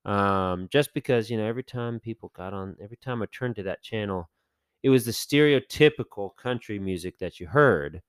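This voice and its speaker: Smooth-voiced man telling rambling stories. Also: on the low side, fairly quick, no room sound, clean studio sound. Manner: rambling, animated storyteller with many fillers. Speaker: podcast co-host. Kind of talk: casual storytelling chat.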